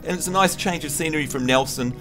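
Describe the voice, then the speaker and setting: A man's voice: on the high side, fast, music in the background. A man from New Zealand chatting casually and teasing friends while streaming a game. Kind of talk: casual live-stream chat.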